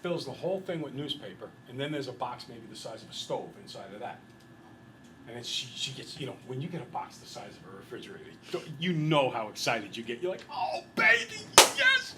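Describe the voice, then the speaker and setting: A man's voice: mid-range voice, expressive, brisk, noisy background. A middle-aged man teaching a math class, telling jokey stories and acting out little voices. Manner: playful, jokey, acts out voices in anecdotes.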